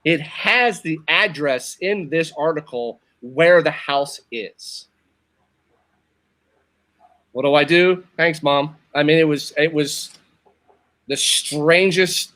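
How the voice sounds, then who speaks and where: In a fairly bright, high-ish voice, a Northern Virginia man in his fifties who hosts a show takes his time through a long personal story, pausing often. The chat is casual and meandering, with repetitions and restarted sentences.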